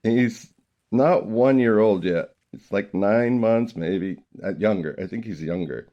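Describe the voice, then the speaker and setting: A middle-aged man hosts a casual podcast chat with a slightly low voice and a gravelly edge. He tells stories in an animated way and laughs often as he talks. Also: measured pace, lo-fi sound. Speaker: podcast host, early childhood music teacher.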